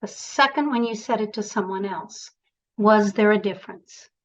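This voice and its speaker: A woman's voice: medium pitch, normal speed, lo-fi sound. A woman coaching presenters in an online workshop, encouraging and directive, speaking over a video call.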